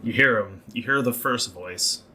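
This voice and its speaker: Deep bright-toned game master. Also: male voice, unhurried, slight background noise. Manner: describes scenes calmly, reads out overheard voices. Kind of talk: narrating a tabletop game.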